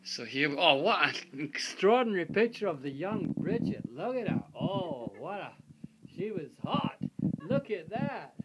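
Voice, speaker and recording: A man's voice: high voice, very animated, unhurried, background noise. A man filming and chatting with his host in her home, eager and talkative. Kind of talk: home video conversation. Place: in a home, indoors.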